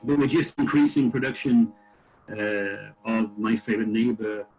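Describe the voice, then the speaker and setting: A man's voice: lowish voice, moderate pace, darkish tone, soft background music, poor audio. A man on a casual video call, telling a winery story from outdoors in a vineyard with plenty of fillers and restarts. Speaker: winery panelist. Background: tractor passing.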